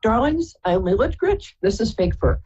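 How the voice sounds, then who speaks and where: On her live call-in psychic reading, a woman from Brooklyn, New York chats affectionately, calling people darling and sweetheart. She has a fairly high, very animated voice, mellow with a breathy edge, at a moderate pace. The audio is dull.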